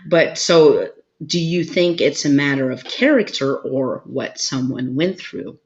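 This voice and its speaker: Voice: medium pitch, expressive, measured pace, lo-fi sound. A chatty, agreeable guest in a casual conversation who laughs through her stories. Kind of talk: casual chat.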